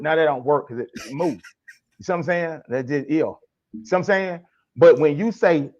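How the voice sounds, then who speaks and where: A man's voice: a little high, lively intonation, moderate pace, a little mellow. A man speaking as a guest life coach in a podcast interview, emphatic and preachy, acting out blunt tough-love lines. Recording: dull lo-fi sound.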